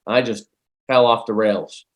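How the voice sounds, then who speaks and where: Storytelling middle-aged man, medium pitch. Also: unhurried. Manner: animated, speeds up when telling a story. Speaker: guest medium. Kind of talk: conversational storytelling.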